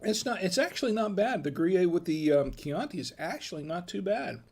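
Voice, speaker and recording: A man's voice: sits high, lively intonation, normal speed, darkish tone, breathy edge. An American man hosting a casual wine tasting, chatty and folksy, murmuring as he samples food and wine. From United States. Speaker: wine review host.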